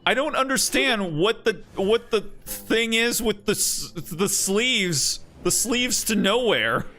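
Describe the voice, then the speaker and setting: A man's voice: high-pitched, expressive, takes it slowly, sharp tone. A young man streaming a game, chatting casually in a laid-back, rambling way. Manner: rambling, laid-back, with many fillers and restarts. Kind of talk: casual chat while gaming.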